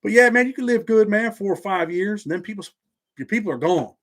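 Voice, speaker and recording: A man's voice: high-pitched, animated, brisk, a bit bright. A man with a Southern accent hosting a live stream from his home office, talking in laid-back street slang. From Indiana. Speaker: channel host.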